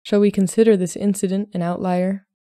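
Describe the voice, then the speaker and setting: A woman reading as a plain-spoken young gentleman suitor who talks in a calm, matter-of-fact way. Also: sits high, normal speed, creaky, no echo, clean studio sound. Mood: steady.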